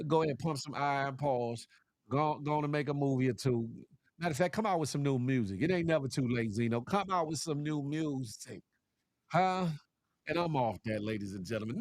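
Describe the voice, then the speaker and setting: High-voiced animated man hosting a morning show. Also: dry recording. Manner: animated, swings between high teasing calls and low serious asides; playful trash talk with laughs and repeated "huh?". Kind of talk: casual commentary monologue.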